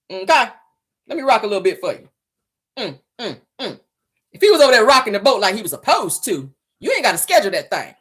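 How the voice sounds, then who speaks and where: A woman's voice: on the high side, fairly bright tone. A woman hosting a casual celebrity gossip show, sassy and teasing, laughing often as she reacts to viewer comments. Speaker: show host.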